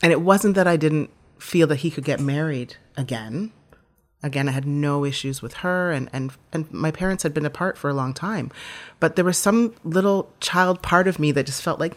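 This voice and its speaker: A woman's voice: deep voice, moderate pace. A woman guest telling a personal story in a heartfelt, vivid way, often restarting her phrases.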